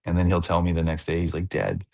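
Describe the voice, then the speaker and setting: A man's voice: low-pitched, completely flat delivery, quick pace, warm tone, dry recording. A man in his thirties, a father co-hosting a podcast, chatting casually and rambling with lots of filler words. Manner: rambling, heavy use of "like" fillers. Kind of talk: casual chat.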